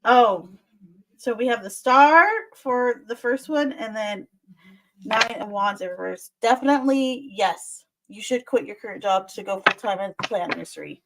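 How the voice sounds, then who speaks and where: A woman's voice: fairly high pitch, moderate pace, a bit bright, rough recording. A woman doing live-stream tarot readings, chatty and soothing, calling viewers "my dear" and "lovey". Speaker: tarot reader.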